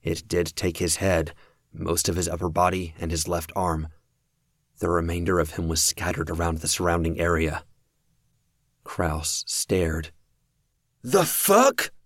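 Deep-voiced male audiobook narrator. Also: monotone, measured pace, dry recording, studio quality.

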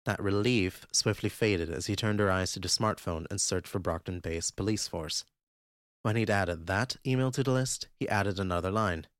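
A man narrating a fan-made audiobook in a steady, even storytelling manner. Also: deep voice, no room sound, clean studio sound.

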